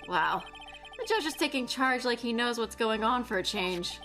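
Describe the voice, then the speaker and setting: A woman's voice: a little high, animated, moderate pace, bright, forceful tone, faint music behind. A woman streaming a game, chatting casually with crude, playful jokes.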